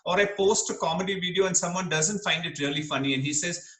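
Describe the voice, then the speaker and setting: A middle-aged man from Kerala, speaking as an interview guest in an earnest, animated way and laughing easily. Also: sits high, fast. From Kerala, India. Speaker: interview guest, dermatologist and comedian. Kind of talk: reflective interview talk. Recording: echoey room.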